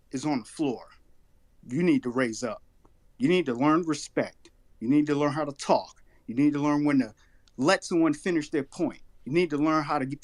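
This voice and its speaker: A man in a heated online debate, preaching and scolding everyone, calling people out. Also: fairly high pitch. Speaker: caller in a live debate room.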